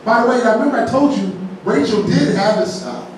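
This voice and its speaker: A man's voice: very high-pitched, fairly quick, darkish tone. A man preaching a folksy sermon as pastor, mixing jokes into the teaching and often asking "right?". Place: large church sanctuary. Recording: very echoey church, distant mic, faint noise.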